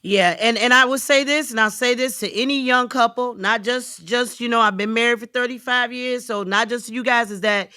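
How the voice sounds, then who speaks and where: Emphatic high-voiced woman giving advice. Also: fairly even intonation, moderate pace, few pauses, pushed and bright, clear, resonant tone, dry recording, studio quality. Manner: emphatic, repeats points, earnest advice. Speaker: guest, mother of the host. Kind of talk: casual talk show chat.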